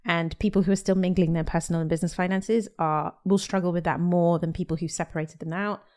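A woman's voice: lowish voice, fairly even intonation, fast, a little mellow. A woman speaking as a podcast guest in a candid, casual interview, with frequent fillers.

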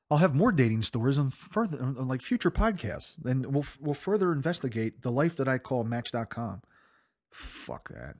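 A man hosting his own podcast alone, telling rambling, profane, self-mocking stories with bursts of laughter. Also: mid-range voice. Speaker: podcast host. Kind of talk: casual solo storytelling.

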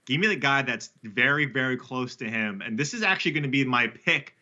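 A man's voice: mid-range voice, fairly quick, sharp tone, muffled recording. A man talking through betting picks in a casual podcast chat, rambling and correcting himself with fillers. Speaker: sports betting analyst guest.

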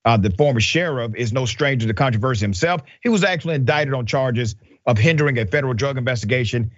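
A man's voice: mid-range voice, dry recording, muffled recording. Emphatic sarcastic male news commentator. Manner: sarcastic, emphatic, repeats points with "okay?".

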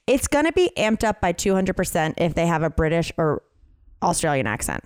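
A young woman chatting on a podcast, her pitch swooping high and low as she tells a story. The sound is close and dry, with no room around it. She swears casually and laughs through her punchlines. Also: sing-song, brisk, smooth, dry recording. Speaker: podcast co-host. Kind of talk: casual chat.

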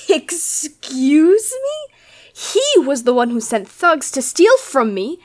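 A woman's voice: sits high, very animated, slow pace, full character voice. A woman voicing a proud blacksmith turned bandit who lectures indignantly.

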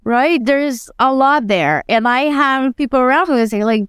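A woman who is not a native English speaker, co-hosting a podcast and telling stories in an animated, self-deprecating way. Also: high-pitched, unhurried, smooth, no room sound, clean studio sound. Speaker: podcast co-host. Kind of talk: casual podcast conversation.

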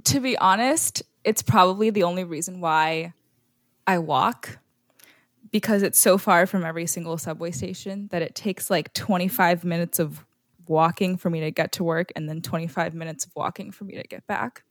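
A woman's voice: lowish voice, moderate pace, dry recording, studio quality. A woman guest on a casual podcast, playful and jokey, laughing easily.

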